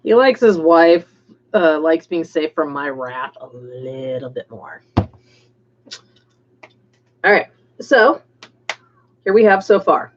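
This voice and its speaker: A woman's voice: deep voice, animated, slow pace, long pauses, dull audio. Chatty woman streaming while she paints. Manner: chatty, addresses viewers by name. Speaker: livestream host painting miniatures. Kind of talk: casual livestream chat while painting.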